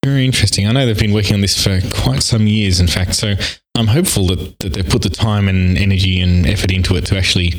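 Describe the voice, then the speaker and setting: A man with an Australian accent co-hosting a casual tech podcast, enthusiastic and quick to laugh. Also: sits low, fairly even intonation, low-quality recording. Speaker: podcast co-host.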